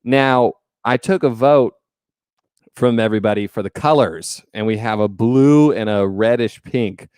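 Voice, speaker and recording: A man's voice: lowish voice, a little slow, darkish tone, smooth, no echo, clean studio sound. Joking man hosting a casual livestream. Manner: chatty, joking, greets viewers by name. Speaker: livestream host.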